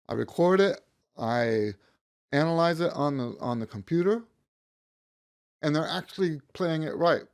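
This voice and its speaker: A man teaching a music lesson, counting beats aloud and stopping to rephrase himself as he explains. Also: fairly high pitch.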